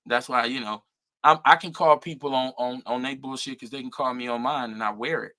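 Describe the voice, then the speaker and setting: A middle-aged man co-hosting a casual talk show, animated and profane, laughing often and mimicking people. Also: mid-range voice, brisk, very noisy. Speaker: co-host.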